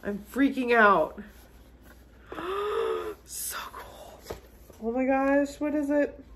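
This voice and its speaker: Filming on a phone, the young manga vlogger gasps and gushes over a gift she's unboxing, saying "oh my gosh" again and again. Her voice sits high and she speaks slowly, with a little hiss or hum in the audio.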